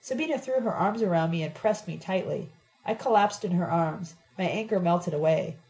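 Woman narrating an audiobook, first person, reflective, mellow tone. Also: on the low side, moderate pace, rough recording.

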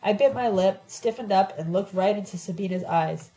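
A woman's voice: mid-range voice, moderate pace, dark tone, rough recording. A woman narrating a novel in the first person, reading in an intimate, reflective way. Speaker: audiobook narrator.

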